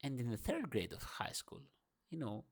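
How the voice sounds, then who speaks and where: A young man ranting through a morning monologue in his second language. He swears freely and swings between loud outbursts and low murmurs. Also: wildly swooping pitch, normal speed, husky. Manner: speaks English as a second language. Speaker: vlogger.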